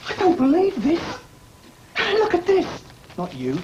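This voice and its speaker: A man playing a teasing, excitable husband in a sitcom scene. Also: extremely high pitch, slow pace, pauses often, highs cut off, over a noisy crowd, heavy background noise. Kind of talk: sitcom acting.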